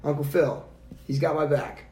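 A man's voice: a little high, level tone, moderate pace, darkish tone. A young man in casual podcast chat, brash and swearing freely. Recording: echoey room.

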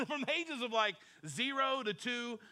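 Fervent bright-voiced male pastor preaching. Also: animated, slow pace. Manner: fervent preaching that builds from a quiet prayer to a loud high exhortation. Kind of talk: sermon. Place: church sanctuary.

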